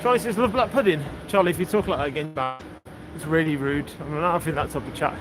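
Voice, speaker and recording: A man's voice: fairly high pitch, fast, over music. A man hosting a casual walking livestream outdoors, chatting and joking and greeting passersby along the way. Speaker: livestream host. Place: outdoors on a coastal town street. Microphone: handheld phone while walking. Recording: outdoor street noise. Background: street ambience and passing vehicles.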